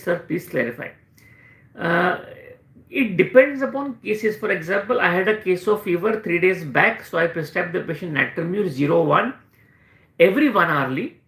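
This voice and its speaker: A man's voice: high-pitched, gravelly, fairly bright tone, roomy sound. A man with an Indian English accent, a homeopathic doctor answering questions and teaching in a live session, explaining with repeated emphasis.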